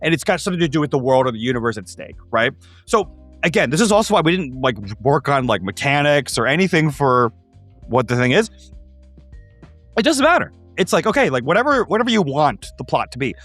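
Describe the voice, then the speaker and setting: A man hosting a tabletop gaming show, explaining ideas in an animated, casual way with quick asides. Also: mid-range voice, dry recording, soft background music.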